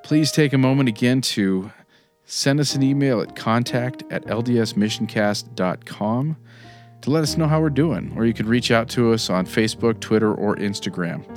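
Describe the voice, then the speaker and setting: A man's voice: mid-range voice, normal speed, darkish tone. Guy doing the end-of-show podcast signoff, guitar playing behind him. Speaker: podcast host. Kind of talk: scripted podcast outro. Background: guitar music.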